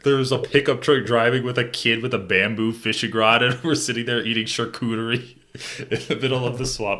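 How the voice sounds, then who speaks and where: A man co-hosting a casual live-streamed podcast, telling animated anecdotes and laughing through them. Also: medium pitch, brisk. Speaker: podcast co-host. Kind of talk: casual storytelling chat.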